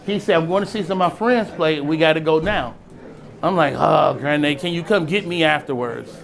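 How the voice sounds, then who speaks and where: A middle-aged man from East Oakland tells a personal story in a loose, casual way, his voice sitting a touch high for a man. He keeps it animated, slipping into the voices of the people he quotes and chuckling as he goes. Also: moderate pace, vocal fry. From East Oakland, California. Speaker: storyteller and spirits brand founder.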